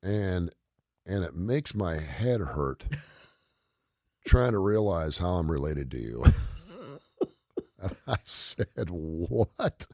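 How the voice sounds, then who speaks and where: Deep-voiced man telling a family story. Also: drawn-out words, long pauses, no room sound, clean studio sound. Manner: animated anecdote teller, quotes his kids, laughs often. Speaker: radio show host. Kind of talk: casual radio chat, storytelling.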